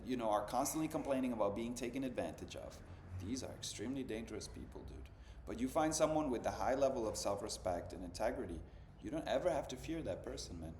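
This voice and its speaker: A man's voice: mid-range voice, a little mellow. Slangy man in his thirties, echoey room. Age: 30s. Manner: loose, slangy, peppered with "bro" and "dude". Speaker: podcast host. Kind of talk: casual chat. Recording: echoey room with faint ambient noise.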